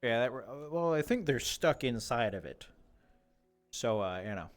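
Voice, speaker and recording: A man's voice: mid-range voice, expressive, a little slow. A young man chats loosely while streaming a game, joking to himself and his viewers. His voice is a bit worn, as if he is starting to lose it. Faint game music sits behind him. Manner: rambling, jokey, talks to animals in a mock interviewer voice. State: slightly losing his voice. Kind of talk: casual solo streaming chatter.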